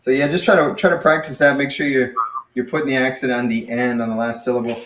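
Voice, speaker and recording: A man's voice: mid-range voice, fairly even intonation, moderate pace, roomy sound, highs cut off. A man casually teaching Greek pronunciation to a class, hesitant and self-correcting as he explains. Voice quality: hesitant, many fillers and restarts, self-correcting.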